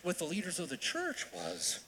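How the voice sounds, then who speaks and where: A male minister preaching a sermon in an animated way, with joking asides and repeated phrases for emphasis. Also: high-pitched, normal speed, vocal fry, a little hiss or hum. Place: church sanctuary. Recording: long church reverb.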